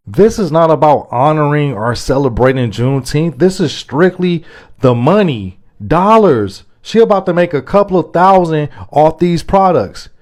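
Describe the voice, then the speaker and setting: A man's voice: a little high, expressive, normal speed, a little mellow. A man commenting casually and indignantly on a video clip he is reacting to.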